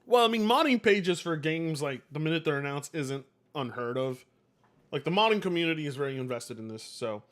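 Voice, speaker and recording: A man's voice: a little high, expressive, brisk, fairly bright tone. A man hosting a live game stream, chatting casually with viewers in a rambling way, swearing and laughing easily. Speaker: livestream host.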